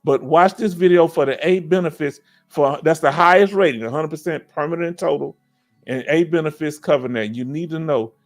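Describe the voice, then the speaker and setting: A fairly high voice moving fairly quickly belongs to a middle-aged man with a Southern accent leading a casual veterans' stream with soft music underneath. Animated and preachy, he responds to viewer comments and keeps saying "you understand?".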